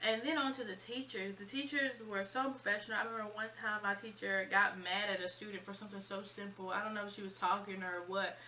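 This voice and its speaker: Bright-voiced young woman telling a story. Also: mid-range voice, quick pace, few pauses, poor audio. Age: 20s. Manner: animated, chatty storytelling. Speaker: vlogger. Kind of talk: casual storytime.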